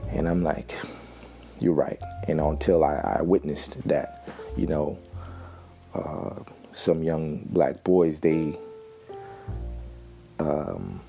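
A man in his thirties, hosting and telling a personal story in a reflective, halting way with frequent restarts. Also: very deep voice, expressive, creaky, warm tone, dull audio, soft background music. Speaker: host.

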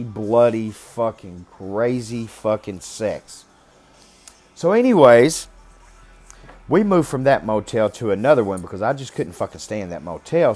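A man's voice: medium pitch, a little mellow. A man casually telling a personal story in a blunt, rambling way, swearing constantly. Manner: talks about being raised rough.

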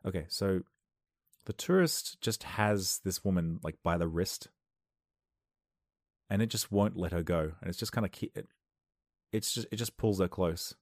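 A man doing a rambling comic monologue into a close microphone, wry and self-interrupting, with sudden loud outbursts. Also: sits low, expressive, unhurried, long pauses, no echo. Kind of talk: comedic podcast monologue. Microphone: close studio microphone.

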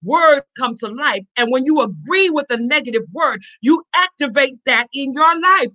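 A woman preaching a fervent sermon, calling out to her congregation for response and rising into shouts. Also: sits high, animated, moderate pace, hardly any pauses, rough recording. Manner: call-and-response exhortation to congregation.

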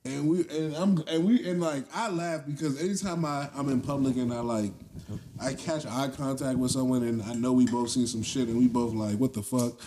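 A man in a casual chat, telling stories in an animated, rambling way with many restarts. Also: medium pitch, normal speed.

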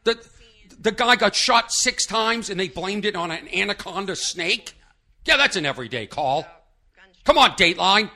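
A man's voice: high-pitched, expressive, moderate pace, sharp tone. A man hosting a comedy podcast from a small trailer, ranting in an exasperated, sarcastic way. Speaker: podcast host. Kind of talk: comic ranting monologue.

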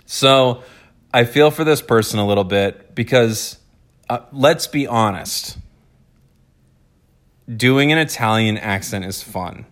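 An American man hosting a casual podcast chat, playful and quick to laugh. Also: mid-range voice, a bit bright. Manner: playful, laughs often, jokey voices. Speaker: podcast host.

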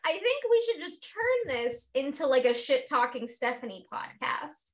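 High-voiced woman co-hosting a crude comedy podcast. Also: big pitch swings, moderate pace, a little hiss or hum. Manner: rambling, heavy on filler words. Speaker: podcast co-host. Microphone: video call.

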